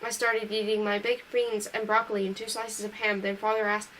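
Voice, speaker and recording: A woman reading a novel aloud in a brisk, matter-of-fact first-person voice. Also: mid-range voice, flat delivery, a bit bright. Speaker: reader. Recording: distant mic with faint hiss.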